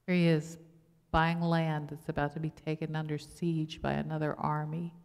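A woman's voice: low voice, little pitch movement, normal speed, a little mellow, smooth. A woman pastor, preaching a conversational sermon full of rhetorical questions. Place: church sanctuary. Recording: long church reverb.

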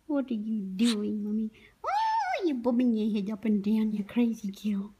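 Woman, high voice, lively sing-song baby talk, slow, mellow, faint hiss behind. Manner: doting, sing-song, whispery asides. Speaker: pet owner. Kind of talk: baby talk to a pet parrot.

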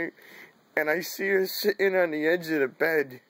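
A man's voice: a little high, moderate pace, a bit bright, no room sound. A man telling a personal story in casual, profane talk, drawling and saying "dude" often, laughing now and then. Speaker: vlogger.

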